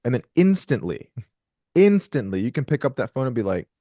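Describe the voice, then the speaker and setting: Fast-talking, blunt, profane man. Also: medium pitch, very animated, warm tone, dry recording, studio quality. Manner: blunt and profane, acts out quoted voices. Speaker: trading coach leading a group call. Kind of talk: casual coaching talk on a call.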